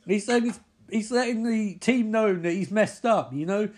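High-pitched man, sarcastic movie riffer who gets worked up and swears. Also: moderate pace. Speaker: movie reaction commentator. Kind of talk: casual live movie commentary.

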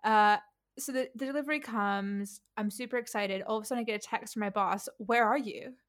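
A woman's voice: mid-range voice, brisk. A young woman co-hosting a podcast, telling candid stories about her day and laughing through them. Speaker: podcast co-host. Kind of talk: casual chat.

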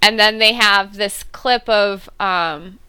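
A woman's voice: medium pitch, slow pace, smooth. A woman co-hosting a podcast, recapping an episode in casual chat, sarcastic and laughing as she talks. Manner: animated, sarcastic, laughs mid-sentence. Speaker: podcast co-host.

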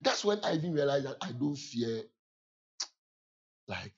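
A man with a husky, rough-edged voice preaches in a story-telling sermon, swinging between low, quiet asides and sudden loud shouts and laughs. The sound is dull and lo-fi, like an older recording. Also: very animated, unhurried.

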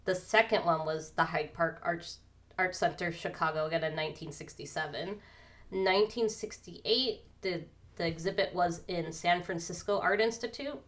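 A woman with a somewhat low but bright, forward voice, co-hosting a casual podcast. She is getting over a cold and talks in a chatty way, dropping giggly asides as she goes. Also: moderate pace. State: recovering from a cold. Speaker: podcast co-host. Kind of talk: casual chat.

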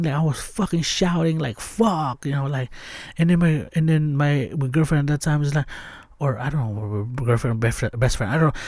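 A young man hosting a podcast, telling a scary story in casual chat, excitable and slangy, dropping to hushed tones at tense parts. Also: on the high side, moderate pace, dry recording, clean studio sound. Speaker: podcast host.

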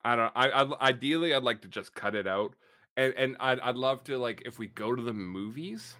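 A man's voice: mid-range voice, moderate pace, pushed and bright. A man in his forties, co-hosting a podcast in casual chat, rambling and self-mocking. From Canada. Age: 40s. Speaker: podcast co-host.

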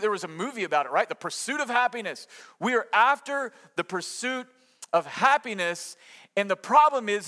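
High, bright-voiced preacher man. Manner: conversational and emphatic, with rhetorical questions and acted-out quotes. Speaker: pastor. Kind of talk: sermon.

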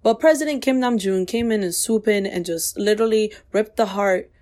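A woman's voice: mid-range voice, moderate pace, a little mellow. A young woman in casual chat as a fan vlogger, gushing and effusive, piling up superlatives.

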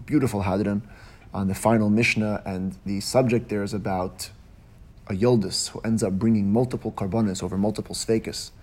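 A man teaching a religious text in a Talmudic lecture. He explains it in a sing-song study cadence, with quick restarts, and his voice jumps up at key points. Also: lowish voice, steady tone, darkish tone. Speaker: Torah teacher.

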